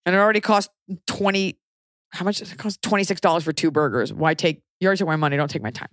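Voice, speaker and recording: Low-voiced woman telling a story, animated. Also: fast, no room sound, clean studio sound. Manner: animated, acts out quoted voices, frank and profane. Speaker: podcast host, comedian. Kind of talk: casual storytelling chat.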